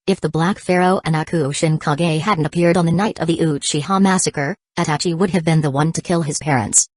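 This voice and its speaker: A woman narrating an audiobook in an even, steady reading. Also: sits low, fairly quick, no room sound. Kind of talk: scripted narration.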